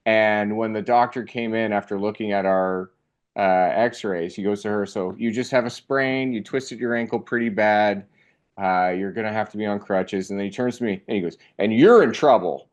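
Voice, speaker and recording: A young man telling a funny personal story in a casual, animated way, acting out the voices of the people in it. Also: on the low side, normal speed, smooth. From Canada.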